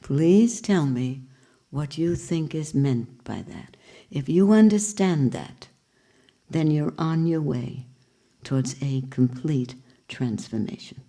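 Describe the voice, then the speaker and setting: An older woman teaching a group in a spiritual talk, reflective and questioning with gentle humor. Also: deep voice, animated, slow.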